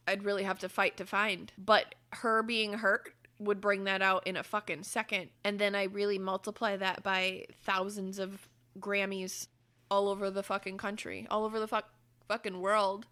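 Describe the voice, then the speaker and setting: A woman's voice: medium pitch, bright, forceful tone. A woman co-hosting a casual podcast, talking heatedly and swearing freely while she keeps hiccuping. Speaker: podcast co-host.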